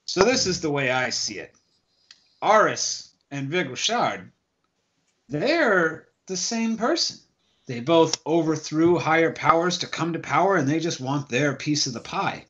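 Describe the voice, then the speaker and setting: A man's voice: a little high, big pitch swings, unhurried, fairly bright tone. A man playing a formal male rogue who speaks in a courtly, earnest way. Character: formal male rogue, suddenly grandly serious. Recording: dull lo-fi recording.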